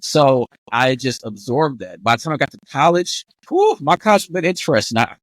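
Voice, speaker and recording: A young man, telling stories as a podcast guest in a lively way and acting out the voices he quotes. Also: medium pitch, a little fast, no echo. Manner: animated, acts out quoted voices. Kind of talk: casual storytelling.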